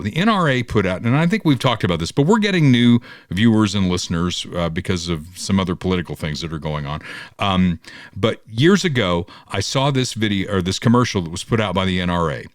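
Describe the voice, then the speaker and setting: A man's voice: on the low side, dry recording, clean studio sound. A man hosting a podcast, telling stories in casual political chat with sarcastic asides. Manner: animated storytelling, sarcastic. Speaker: podcast host.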